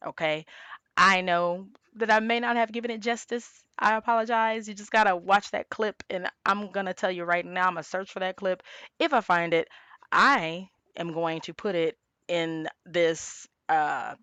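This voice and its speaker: A woman's voice: lowish voice, moderate pace, bright, forceful tone, smooth, no room sound. A woman giving a casual tarot reading, talking chattily and with emphasis, sometimes acting out quoted lines. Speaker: tarot reader.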